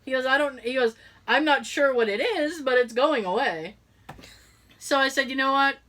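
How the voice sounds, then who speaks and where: Her voice sits high and moves at a normal speed as this middle-aged woman, a podcast co-host, tells a story in easygoing chat. She brings the characters' voices to life, stays animated, and laughs a great deal.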